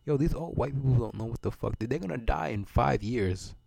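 Guy in his 30s doing a solo podcast rant, lots of cussing, trips over his words, raspy low-key voice, dead dry room. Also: brisk, darkish tone, no room sound. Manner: profane, rambling, repeats words. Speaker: podcast host.

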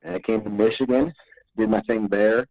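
A man's voice: lowish voice, steady tone, moderate pace, a little mellow, no room sound, highs cut off. A man guesting on a podcast, telling stories in a laid-back, rambling way and chuckling often. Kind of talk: casual podcast storytelling.

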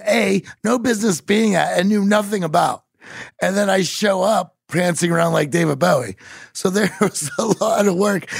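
Storytelling podcast guest: man, rough gravelly voice with slightly raised pitch, tight dry sound. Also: no room sound. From Pittsburgh. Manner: animated storyteller, rising to emphatic bursts.

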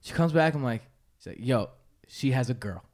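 A man's voice: mid-range voice, moderate pace, a crowd in the background. A man telling funny stories in a casual chat with friends, acting out the voices of the people in them. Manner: animated storyteller, acts out quotes.

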